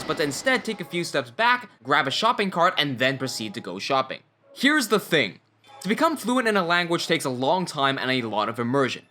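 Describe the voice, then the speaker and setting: A language teacher giving a scripted tutorial, explaining in a clear, methodical way. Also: medium pitch.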